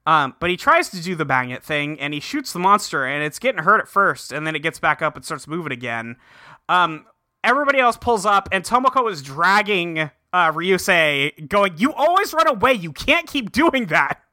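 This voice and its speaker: A man's voice: on the high side, very animated, normal speed, bright, forceful tone, no echo, clean studio sound. A man co-hosting a podcast, recapping an episode in laid-back, chatty talk and laughing easily. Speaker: podcast co-host recapping a show. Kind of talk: casual chat.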